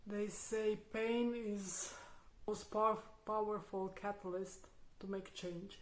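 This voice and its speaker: A young mother talks openly to her camera, thinking out loud, restarting words and dropping the odd swear word. Her voice sits at an ordinary middle pitch. The room around her gives it a noticeable echo. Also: level tone, slow pace, slight background noise. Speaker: parent reviewing a parenting book. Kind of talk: casual reflective vlog talk. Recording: roomy echo.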